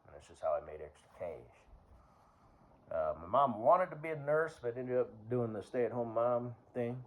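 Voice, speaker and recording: A man talking in a rambling, casual monologue to the camera, full of fillers and throat clearing. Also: mid-range voice, lively intonation, normal speed. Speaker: vlogger.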